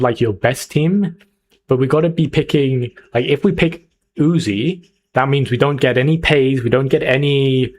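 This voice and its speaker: A young man with a mid-range, slightly mellow voice is streaming live, casually chatting and hyping up his viewers while he picks a team. He's chatty and energetic, talking directly to chat.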